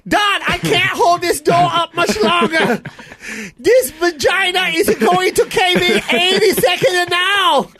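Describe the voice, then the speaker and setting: A man voicing a frantic young male manager who is shouting in a panic while he holds back a crowd at a door. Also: extremely high pitch, takes it slowly, music in the background, voice pushed up, heavily acted. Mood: panicked.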